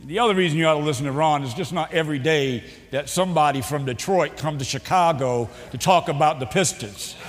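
A middle-aged keynote speaker from New Bedford, Massachusetts, with a Boston accent and a fairly high pitch, gives a public speech full of jokes and personal stories. His delivery is warm and joking, with dramatic pauses and frequent "uh" fillers, and the recording carries a long hall reverb.

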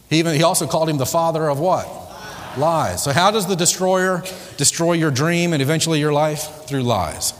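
A man's voice: on the high side, a little fast, a little hiss or hum. A man giving a live motivational seminar talk with spiritual themes to an audience. He is emphatic and repetitive and keeps quizzing the audience. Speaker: motivational speaker. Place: large hall before a live audience. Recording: echoey hall with long reverb.

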